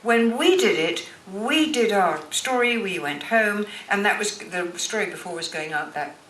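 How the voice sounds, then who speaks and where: Older woman telling lively stories. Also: mid-range voice, normal speed. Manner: chatty, animated anecdotes with restarts. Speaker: guest actress. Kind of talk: live stage Q&A storytelling. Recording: echoey hall with background noise.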